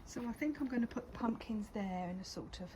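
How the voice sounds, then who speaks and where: An older woman chats her way around her home garden, her voice rising and falling in a lively, sing-song way. She keeps slipping into a half-whisper between bright remarks, like she is letting you in on a secret. There is a faint outdoor hush behind her. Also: fairly high pitch, a little fast, noisy background. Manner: chatty, often drops to a whisper, coos at her cat. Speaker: gardening vlogger. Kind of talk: casual walk-and-talk garden tour.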